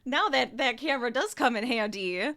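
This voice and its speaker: A woman's voice: fairly high pitch, lively intonation, moderate pace, sharp tone, dry recording. Bubbly chatty young woman streamer. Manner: bubbly, laughs often, chatty. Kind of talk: casual chat while crocheting on stream. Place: home room.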